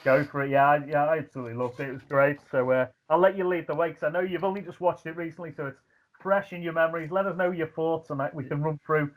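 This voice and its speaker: A man's voice: on the high side, quick pace. A man with a Liverpool accent, a guest ring announcer, telling stories in casual chat with lots of fillers, over a video call. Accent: Scouse. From Liverpool, England. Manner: animated anecdotes with frequent fillers and shouted impressions. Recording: tinny phone-like line.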